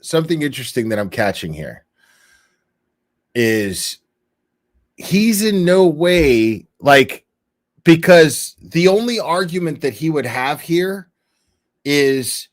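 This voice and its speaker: Guy on a stream reacting, swears a lot, acts out quotes, higher voice that bounces around. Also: slow, long pauses. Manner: animated, profane, acts out quotes. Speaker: stream co-host. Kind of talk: live stream commentary.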